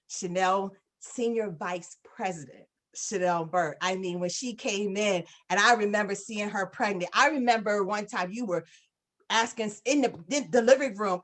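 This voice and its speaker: A woman speaking on a business video call, telling an effusive, animated story full of fillers and praise for a colleague. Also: a little high. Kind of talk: casual testimonial on a video call.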